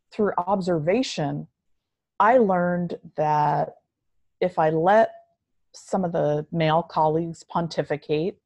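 Woman guest, reflective and unhurried, slightly low voice, dry close sound. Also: creaky, a little mellow, dry recording. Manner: measured, reflective, slow delivery. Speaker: podcast guest. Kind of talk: conversational interview answers.

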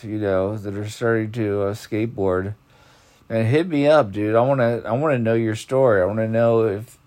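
A man's voice: fairly low pitch, measured pace, creaky, darkish tone. A man hosting a podcast in casual chat, rambling in laid-back slang and yawning as if sleepy. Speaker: podcast host.

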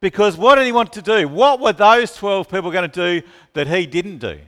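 At a moderate pace and in a high voice, a man gives an animated sermon, questioning the room and calling on listeners by name. A long hall reverb trails his words.

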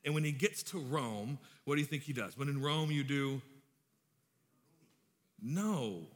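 A man's voice: medium pitch, expressive, unhurried. A man in his thirties preaching a sermon, informal and joking, telling stories to his congregation. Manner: joking storyteller, chatty and informal. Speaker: pastor.

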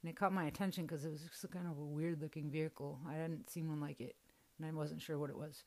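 Speaking quickly in a low-pitched, steady, slightly mellow voice, a young woman hosts a podcast. She recounts a personal story in an open, laid-back way and swears freely.

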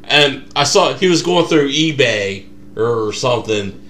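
A young man with a medium-pitched voice and measured pace co-hosts a podcast in casual chat. He tells a story as an animated storyteller, acting out lots of quotes.

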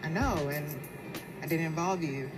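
A woman's voice: low-pitched, a little slow, loud music behind the voice. A young woman standing her ground. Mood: defensive. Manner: defensive, pushing back. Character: young woman defending herself to her friend.

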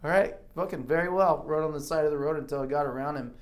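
A man in casual chat, telling animated motorcycle stories and swearing a lot. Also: fairly high pitch, fast talker. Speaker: motorcycle rider.

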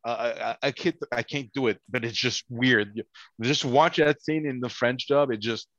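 A man's voice: medium pitch, fairly bright tone, no room sound. Guy on a movie podcast tripping over his words, dry muffled mic. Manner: halting, repeats words when searching. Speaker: podcast co-host. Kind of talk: casual movie review chat.

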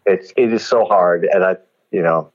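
A man telling anecdotes as an interview guest, animated and often laughing as he acts out what people said. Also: low voice, moderate pace, dull audio. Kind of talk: storytelling interview.

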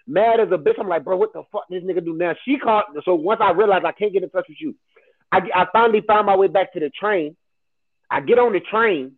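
A man's voice: high-pitched, fairly quick. Man telling a story on a tinny line. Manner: animated, swears often, quotes others in his story. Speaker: podcast guest. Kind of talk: casual storytelling chat. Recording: tinny phone-like sound.

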